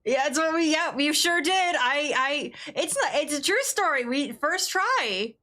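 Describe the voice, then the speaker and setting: A woman with a somewhat high voice chats her way through a game on a livestream. She is blunt and swears freely, talking casually to her viewers from her desk at home. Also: expressive, measured pace, sharp tone. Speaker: gaming livestreamer. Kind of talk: casual livestream chat while playing.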